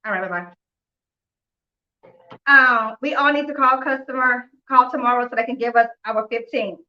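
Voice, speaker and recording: A woman hosting a couponing live stream, telling a story in a chatty, animated way, acting out the dialogue and laughing often. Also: on the high side, normal speed, highs cut off. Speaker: couponing livestream host. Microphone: phone or computer mic on a live stream.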